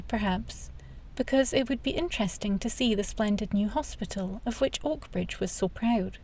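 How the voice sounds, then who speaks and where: Gentle woman reading a children's book. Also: fairly high pitch. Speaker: audiobook narrator. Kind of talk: scripted children's book narration.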